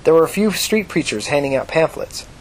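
Narratore maschile dalla voce roca. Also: male voice, a little high, expressive, a little fast. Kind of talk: audiobook narration.

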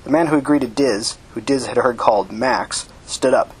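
A man reading short fiction aloud as narrator, plain and steady. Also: mid-range voice, moderate pace, breathy edge.

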